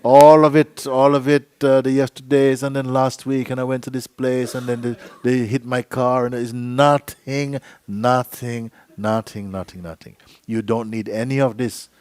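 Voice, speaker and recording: A man's voice: mid-range voice, level tone, moderate pace, hardly any pauses, a little mellow, clean tone. A man giving a spiritual talk to a gathering. He talks playfully, acts out little dialogues and laughs often. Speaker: spiritual teacher. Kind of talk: satsang talk. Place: meeting hall.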